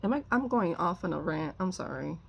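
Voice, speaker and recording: A woman's voice: fairly low pitch, animated, brisk, creaky. A woman giving a casual tarot reading, rambling with many fillers and restarts and often apologizing. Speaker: tarot reader.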